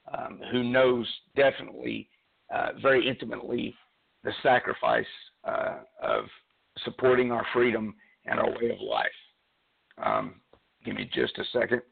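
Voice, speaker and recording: A man hosting a talk radio show, speaking earnestly with many pauses and fillers while losing his voice, calling in by cell phone. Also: mid-range voice, vocal fry, husky. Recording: tinny cell phone line.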